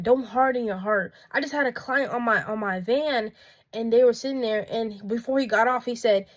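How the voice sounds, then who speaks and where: A woman speaks in a high, bright register. She preaches in an emphatic, heartfelt monologue and hammers her points home by repeating them. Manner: passionate, emphatic, repeats phrases. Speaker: faith vlogger.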